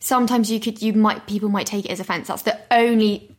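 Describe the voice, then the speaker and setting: A woman's voice: medium pitch, fairly even intonation, fast, slightly rough. Young female podcast co-host, casual and chatty, reads listener letters. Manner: chatty, lots of "like".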